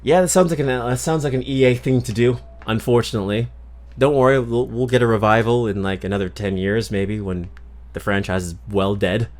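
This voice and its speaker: A man's voice: medium pitch, steady tone, fairly quick, a little mellow. A man from Massachusetts doing casual game commentary as a streamer, joking, swearing and poking fun at himself. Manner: joking, swears, self-mocking.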